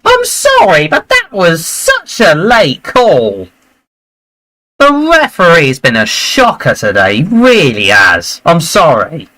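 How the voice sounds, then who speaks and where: A man hosting a live football watchalong, chatting and reacting excitedly to the play. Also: fairly high pitch, slow, rough recording. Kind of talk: live match commentary and chat.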